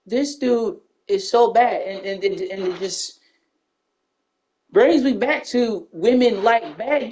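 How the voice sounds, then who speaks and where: A woman with a slightly high, warm voice tells a personal story straight to camera, and it turns into a heated rant. A storytelling vlogger, she repeats herself, stammers, and swears when she gets worked up.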